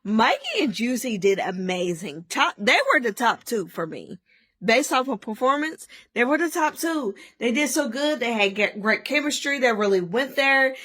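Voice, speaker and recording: A woman hosts her own review podcast, talking alone in a loose, chatty way. She is opinionated and animated, full of asides and quick restarts. Her voice sits a little high. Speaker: podcast host reviewing a TV show. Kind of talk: casual solo review chat.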